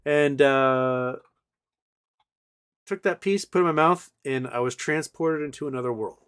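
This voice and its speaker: A man's voice: mid-range voice, a little slow, fairly bright tone, clear, resonant tone. Rambling man in his forties. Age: 40s. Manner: rambling storyteller, many fillers and restarts. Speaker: livestream host. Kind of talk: casual livestream chat.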